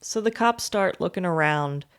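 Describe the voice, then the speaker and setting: Low-voiced woman, wry chat. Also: animated, normal speed, clear, resonant tone. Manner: wry, mocking retelling. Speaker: podcast co-host. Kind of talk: casual chat.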